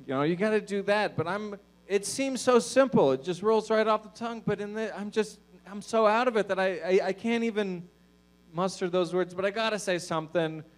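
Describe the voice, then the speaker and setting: A man doing a stand-up set in a comedy club, mumbling his asides and pushing his punchlines out loud. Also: high voice, brisk.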